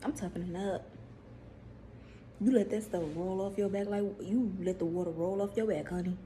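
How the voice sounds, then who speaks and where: Woman, casual preaching vlog, mellow tone, faint background noise. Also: medium pitch, moderate pace. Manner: animated, repeats herself, asks viewers questions. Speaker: faith vlogger.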